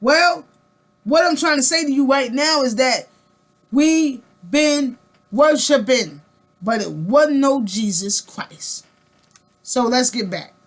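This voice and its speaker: Slow and expressive, a woman vlogger with a high voice talks through a casual monologue. She's colloquial and emphatic, repeats words, fires off rhetorical questions, and wanders with restarts.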